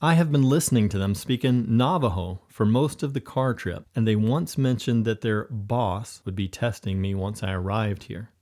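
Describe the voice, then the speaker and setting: An earnest young would-be spy who speaks politely and formally, a little higher than plain narration, as a man voices him. He is sincere and respectful. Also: moderate pace, hardly any pauses, darkish tone, natural voice.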